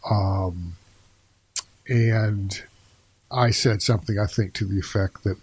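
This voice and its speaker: A man co-hosting a podcast in casual chat, halting and wry, with many restarts. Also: lowish voice, steady tone, a little mellow, breathy edge, no room sound. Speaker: podcast co-host.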